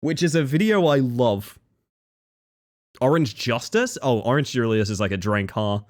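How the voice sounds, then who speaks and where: Lively, chatty male streamer. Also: mid-range voice, normal speed. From Western Australia. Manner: chatty, rambling, laughs often. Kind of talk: casual livestream chat.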